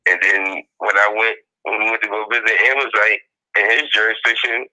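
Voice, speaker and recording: Man, casual commentary, very bright forceful voice, repeats himself for emphasis. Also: lowish voice, fairly quick, rough recording. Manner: animated, repeats points, mimics quotes. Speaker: podcast co-host.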